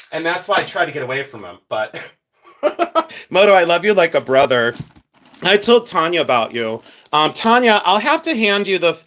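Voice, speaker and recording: A man's voice: high voice, a bit bright. A middle-aged man from Ohio hosting a live stream, chatting casually with viewers, laughing often and poking fun at himself. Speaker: livestream host.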